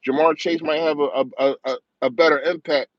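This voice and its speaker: A man's voice: a little high, steady tone, dry recording, highs cut off. Fired-up man ranting about football. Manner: passionate, rapid, ranting fan talk with emphatic repetition. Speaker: live-stream football talk host. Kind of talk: casual live-stream sports rant.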